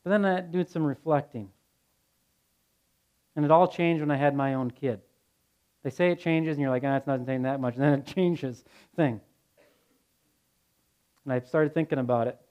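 A man's voice: a little high, moderate pace, pauses often, darkish tone. Blunt earnest male pastor preaching. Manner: earnest, blunt and conversational storytelling. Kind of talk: sermon. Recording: dull lo-fi sound.

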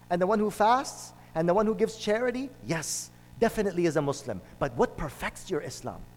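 Male preacher, slightly high voice, storytelling sermon with emphatic repetition. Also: a little hiss or hum. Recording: long hall reverb.

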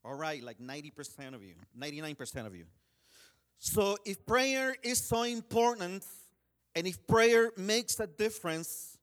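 A man preaching a sermon, telling a personal story in an earnest way, often restarting and saying "you know", swinging between urgent pleas and hushed quiet. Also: high-pitched.

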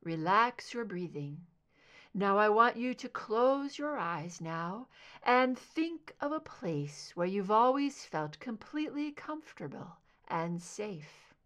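A calm therapist in an audiobook, guiding a patient through hypnosis in low, even, measured tones, read by a woman. The delivery stays soothing and controlled. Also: lightly acted.

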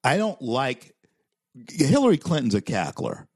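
A man's voice: mid-range voice, huge pitch swings, unhurried, darkish tone, slightly rough, dry recording, clean studio sound. A man hosting a talk show, giving opinionated political commentary with emphatic repetition and stammered restarts. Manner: emphatic, repeats lines for effect.

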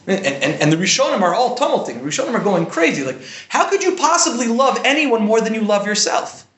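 Animated man lecturing in an echoey room. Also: high voice, a little fast. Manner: conversational, often asks "right?", animated bursts. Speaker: Jewish teacher giving a class. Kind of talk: informal Torah lecture.

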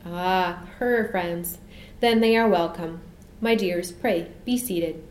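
A woman doing the Hamadryad, a soft hissing cobra king. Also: on the low side. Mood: gracious. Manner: slow, gracious and courtly. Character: ancient wise male king cobra, soft and regal. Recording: roomy echo.

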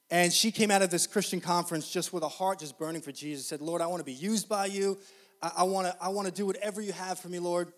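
A man preaching a sermon, telling a story conversationally to the congregation and building to loud, emphatic preaching. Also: a little high. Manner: conversational, addresses the congregation directly.

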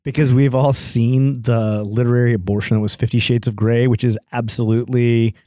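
A man co-hosting a podcast, throwing in quick wisecracks in casual chat. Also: medium pitch, level tone, mellow, no room sound, studio quality.

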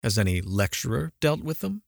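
A man's voice: on the low side, very animated, a little fast, vocal fry, no echo, studio quality. A man reading an audiobook, voicing a stern, dismissive middle-aged mother who questions coldly. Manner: cold, questioning.

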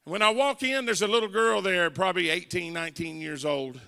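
Gravelly Southern evangelist in a big hall. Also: male voice, high voice, a little fast, bright, forceful tone. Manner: dramatic storytelling, acting out quoted voices. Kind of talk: testimony sermon. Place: church sanctuary. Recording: reverberant church hall.

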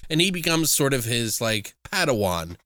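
Here a film-reviewing podcast host swears his way through an animated, casual retelling of a movie plot. His medium-pitched voice moves at a moderate pace, with no echo.

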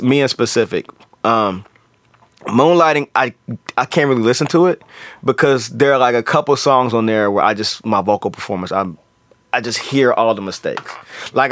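A rapper with a Cincinnati accent, chatting loosely as a guest and leaning on lots of filler "likes.". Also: male voice, medium pitch, fairly bright tone, dry recording. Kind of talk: casual chat.

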